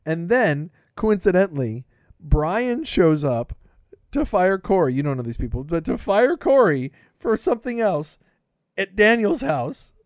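A man's voice: high-pitched, big pitch swings, unhurried, dry recording, studio quality. A man co-hosting a podcast, rambling through a jokey movie review and stammering over repeated words. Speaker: podcast co-host. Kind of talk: casual movie review chat.

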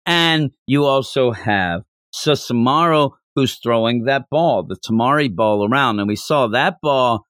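A man hosting a casual podcast discussion, animated, acting out characters' lines as he talks. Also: mid-range voice, a little slow, few pauses, dry recording, studio quality. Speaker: podcast host.

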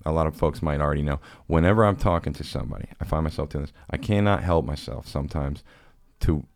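A man's voice: rumbling low, quick pace, creaky, no echo, studio quality. A man hosting a podcast, telling a rambling, profane, self-mocking story in casual chat. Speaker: podcast host.

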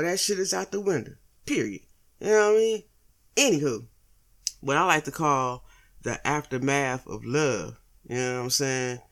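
Profane, rambling man with higher pitch. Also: gravelly, a bit bright. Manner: rambling, heavy profanity, rhetorical questions. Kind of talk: profane monologue commentary.

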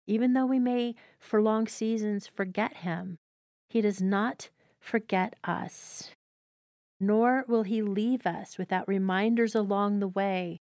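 A woman's voice: mid-range voice, fairly even intonation, darkish tone, no room sound, studio quality. A woman hosting a devotional teaching, speaking in an earnest, reflective way and reading passages aloud. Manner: earnest, reflective, unhurried phrasing. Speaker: host of a devotional teaching show.

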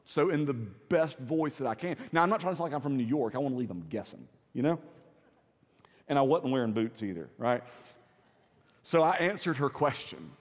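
A man with a Southern accent preaching a sermon, shifting between quiet low passages and loud emphatic ones. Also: expressive, normal speed, long reverb tail. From South Carolina. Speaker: pastor. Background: audience laughter.

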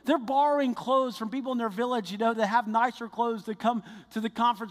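High-voiced pastor preaching in a hall. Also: male voice, a little fast, hardly any pauses. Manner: storytelling, excited and earnest, rising to fervent prayer. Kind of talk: sermon.

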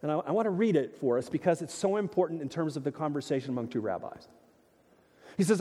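Male preacher, high, very expressive voice, emphatic sermon delivery, long hall reverb. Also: fast talker, slightly rough. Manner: animated, emphatic preaching with rhetorical questions. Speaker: pastor.

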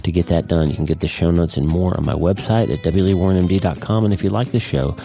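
Brief: middle-aged male podcast host, low mellow voice, unscripted and earnest. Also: fast, vocal fry, soft background music. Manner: earnest, off-the-cuff with frequent restarts. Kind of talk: casual unscripted podcast monologue.

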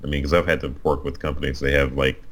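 Chatty male podcast co-host, low voice, animated and self-deprecating. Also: quick pace. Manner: animated, self-mocking, full of fillers. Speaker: co-host, designer and painter. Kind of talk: casual podcast chat.

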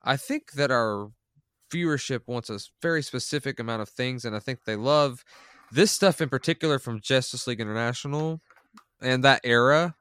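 A man's voice: medium pitch, normal speed, a bit bright, smooth, no room sound, studio quality. A man co-hosting a podcast, chatting enthusiastically and rambling with restarts. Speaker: podcast co-host. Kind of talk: casual podcast chat.

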